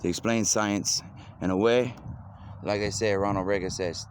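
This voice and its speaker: A man rambling excitedly in an outdoor monologue, repeating himself as he goes. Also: fairly low pitch, moderate pace. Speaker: video blogger. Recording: noisy outdoor recording.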